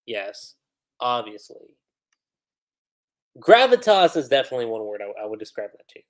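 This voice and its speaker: A man talking through a comic chapter on a livestream in a loose, chatty way. He thinks out loud and breaks off with small laughs. His voice sits in a middle pitch. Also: big pitch swings, normal speed. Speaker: streamer. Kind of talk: livestream commentary.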